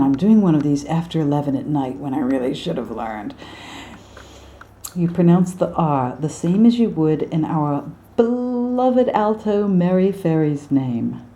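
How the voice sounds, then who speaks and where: A woman's voice: low-pitched, warm tone. An American woman teaching song lyrics with drawings, chatty and poking fun at her own slips. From United States. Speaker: singing and diction teacher.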